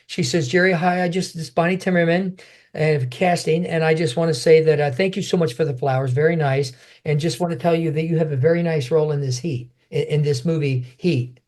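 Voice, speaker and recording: An older man, a guest in an interview, telling a personal story in an animated way and acting out what people said. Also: on the high side, a little fast. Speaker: guest, martial artist and actor.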